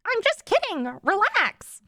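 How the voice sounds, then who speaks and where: A woman's voice: very high-pitched, wildly swooping pitch, a little slow, sharp tone, no room sound, clean studio sound, pitched above the performer's own voice, full character voice. A woman reading the lines of a playful, giggly young woman who teases her guest. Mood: teasing. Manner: teasing, giggly.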